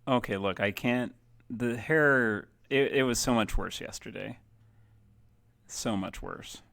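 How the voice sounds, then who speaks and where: This game cafe streamer has a mid-range voice with a fairly bright tone and some vocal fry, and he takes his time. Chatting on his livestream, he rambles, makes self-deprecating jokes, and leans on fillers as he tries out placements for his webcam mic.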